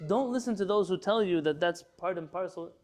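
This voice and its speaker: A man's voice: high voice, brisk. A man teaching a class to students in a room, reading Hebrew passages aloud and then translating and explaining them. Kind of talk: lecture class.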